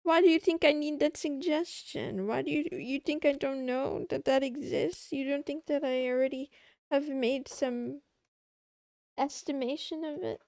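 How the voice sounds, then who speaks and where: A high-voiced woman streams live, chatting casually and teasing her viewers with sarcasm. She talks slowly and drawls through her lines. Her voice sits close and dry, with no room around it. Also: darkish tone, no room sound. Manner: sarcastic, playful, answering chat.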